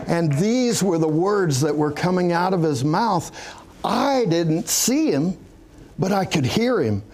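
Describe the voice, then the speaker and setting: Pastor guy slowly telling his testimony, kinda high voice, earnest, little chuckles. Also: expressive, a little mellow. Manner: earnest storytelling, chuckling as he speaks. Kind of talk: personal testimony in a TV interview.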